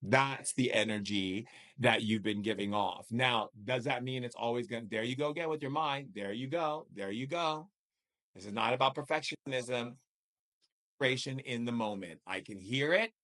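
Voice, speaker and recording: A man's voice: mid-range voice, normal speed, fairly bright tone. A man leading a live spiritual coaching session as a shamanic teacher, emphatic and repetitive, with pointed rhetorical questions.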